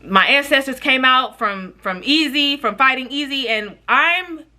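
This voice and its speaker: A young woman telling a storytime vlog in a casual, animated, frank way, full of slang and cursing, speaking straight to her viewers. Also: high-pitched, unhurried. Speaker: YouTuber.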